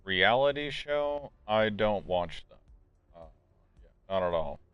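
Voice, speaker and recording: A man's voice: on the low side, animated, slow pace, clean tone, no room sound. A man hosting a casual podcast, answering viewer questions bluntly and swearing freely. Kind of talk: casual chat. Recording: dull, muffled recording.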